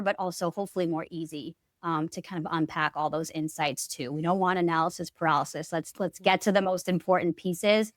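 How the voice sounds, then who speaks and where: An upbeat woman with a somewhat low voice talks fluently as a guest expert on a podcast. She laughs easily between points. The sound is dry and close. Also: no echo. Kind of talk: podcast interview.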